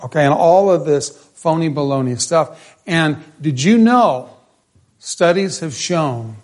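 A man preaching a sermon, telling a folksy story and speaking directly to his congregation, dropping to a soft, quiet voice for quoted lines. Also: fairly high pitch, animated, a little slow. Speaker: pastor.

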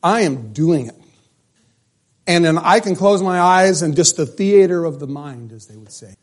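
A man preaching a sermon, emphatic, sometimes dropping to a hush, and often restarting his words. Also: fairly high pitch, expressive, normal speed. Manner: emphatic, drops to a hush for dramatic lines.

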